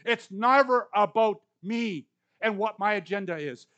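A man in his sixties preaching a conversational sermon, repeating words for emphasis and swinging between loud and hushed lines. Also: high voice, measured pace, highs cut off. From Canadian or US prairies. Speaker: pastor.

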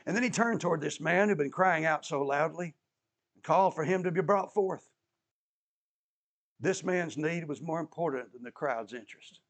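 A man's voice: fairly high pitch, fairly bright tone. A man preaching a sermon as an emphatic storyteller who repeats key phrases and adds touches of humor.

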